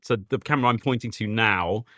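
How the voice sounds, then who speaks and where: A man's voice: fairly low pitch, brisk, pushed and bright, dry recording, studio quality. A man with a southern English accent, co-hosting a podcast in casual chat, often restarting his sentences. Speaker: podcast co-host.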